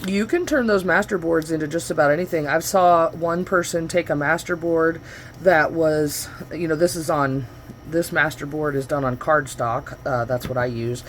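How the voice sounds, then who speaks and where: A woman's voice: low voice, steady tone, normal speed, slight background noise. A woman vlogger chatting her way through a crafting demo in her home studio, rambling and correcting herself as she goes, picked up by the camera's own microphone.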